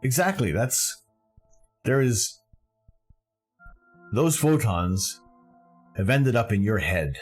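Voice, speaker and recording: Deep-voiced Canadian man hosting a live stream. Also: very animated, slow pace, pauses often, slightly rough, soft background music. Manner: enthusiastic, rambling, self-correcting. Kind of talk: casual live-stream commentary.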